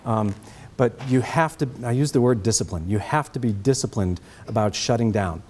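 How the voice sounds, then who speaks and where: A man's voice: lowish voice, moderate pace, darkish tone, a little hiss or hum. A middle-aged man with a Boston accent giving a trumpet master class, answering students' questions and checking in with "okay?".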